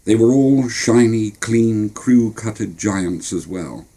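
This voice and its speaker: A man's voice: fairly low pitch, slow pace, dark tone. An older man with a Cornish accent telling wry, plainspoken stories of his childhood. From Cornwall. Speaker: storyteller. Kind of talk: storytelling memoir narration.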